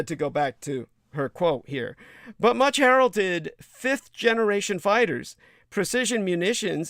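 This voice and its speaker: A man's voice: sits high, a bit bright, no echo, studio quality. A man hosting a livestream, reading quotes aloud and breaking into profane, scornful rants. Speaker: livestream host.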